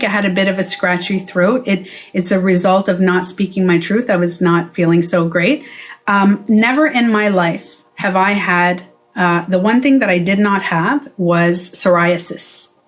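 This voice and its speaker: Here a middle-aged woman, once a spa owner, talks to camera at a normal speed in her mid-range voice for a casual vlog. Blunt and foul-mouthed, she acts out the voices of those she's quoting.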